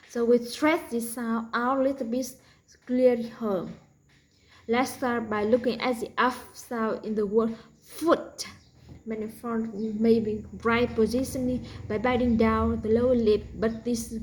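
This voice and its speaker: A woman with a Vietnamese accent teaching a pronunciation lesson, slowly repeating practice words for learners. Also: fairly high pitch, rough recording.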